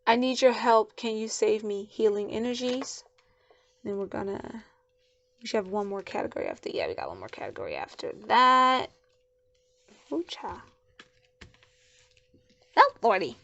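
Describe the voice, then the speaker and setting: A woman's voice: fairly high pitch, big pitch swings, moderate pace, gravelly, pauses often, a bit bright, dull audio. A woman doing a casual oracle card reading and deck walkthrough, chatty and loose, with fillers and asides.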